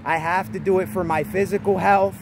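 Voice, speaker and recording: High-voiced man talking loudly outdoors. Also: fairly even intonation, fairly quick. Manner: emphatic and repetitive, speaking loudly over outdoor noise. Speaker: vlogger. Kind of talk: motivational self-talk vlog. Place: outdoors near traffic.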